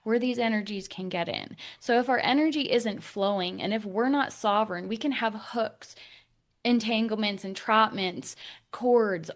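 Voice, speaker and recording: A woman hosting a podcast, telling a personal story in a rambling way, full of restarts and fillers, dropping her voice low at the darker moments. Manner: rambling, many restarts and "like", drops to a hush at dark moments. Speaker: podcast host.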